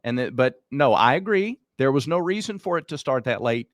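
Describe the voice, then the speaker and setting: A man with a raspy voice co-hosting a casual sports talk show, venting about his team. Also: mid-range voice, expressive, a little fast, dry recording, clean studio sound. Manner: apologetic, venting. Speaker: co-host.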